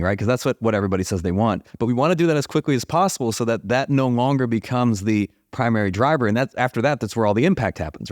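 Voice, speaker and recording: A man hosts an interview podcast, talking quickly and enthusiastically and often restarting his phrases. His voice is on the low side. The recording is dry and close, with no room sound. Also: no echo. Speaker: podcast host. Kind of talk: interview conversation.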